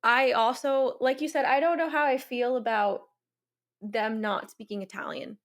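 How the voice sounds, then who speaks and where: A woman's voice: a little high, normal speed. A woman co-hosting a film podcast, talking earnestly in casual chat. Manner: earnest, repeats "I really hope". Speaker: podcast co-host.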